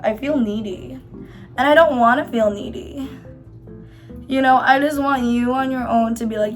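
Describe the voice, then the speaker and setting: A woman's voice: fairly high pitch, brisk, darkish tone. A young woman vlogging casually to camera, rambling and full of fillers while doing her makeup, faint music behind her. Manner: rambling, filler-heavy, self-reassuring. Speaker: YouTuber. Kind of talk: casual confessional chat to camera.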